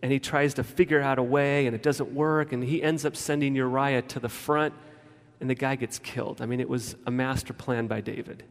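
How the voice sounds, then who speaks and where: A fairly quick, steady mid-range male voice carries this conversational sermon. The pastor tells stories informally and keeps restarting sentences, while a large hall lends long reverb.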